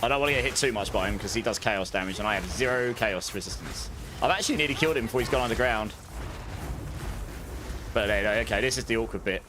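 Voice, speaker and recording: A man's voice: lowish voice, quick pace, noisy background. A man giving casual, chatty gameplay commentary as a streamer, laughing often and humming little filler tunes. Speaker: game streamer.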